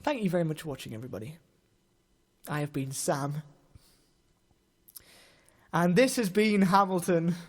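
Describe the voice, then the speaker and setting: A man's voice: a little high, animated, moderate pace, pauses often. Tearful, giddy male livestreamer signing off. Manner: effusive, emotional, swears casually. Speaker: livestream host. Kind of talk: casual livestream sign-off chat.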